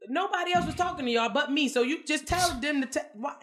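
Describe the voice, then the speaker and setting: Woman, comedian, fast animated storytelling, higher voice, acts out quotes. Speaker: comedian guest. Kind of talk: casual podcast chat, storytelling.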